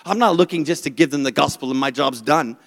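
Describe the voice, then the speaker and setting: A man preaching a sermon as pastor, telling stories with animated voices for the people he quotes. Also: a little high, quick pace, long reverb tail.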